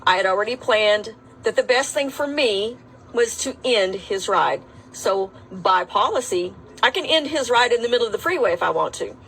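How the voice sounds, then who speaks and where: A woman's voice: mid-range voice, expressive, normal speed, fairly bright tone, slight background noise, rough recording. A woman, a rideshare driver, tells her own story to camera in a matter-of-fact, defiant way.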